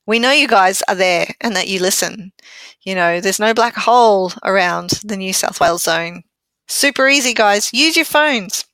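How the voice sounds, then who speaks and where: Woman, podcast co-host, mid-pitched voice, teasing, laughs a lot, dry close sound. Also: moderate pace, fairly bright tone, dry recording. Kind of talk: casual chat.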